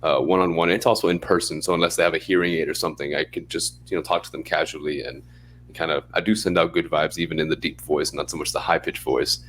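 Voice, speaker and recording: A young man co-hosting a podcast in casual chat, relaxed and rambling, often laughing as he talks. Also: rumbling low, fast talker, a little hiss or hum. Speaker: podcast co-host.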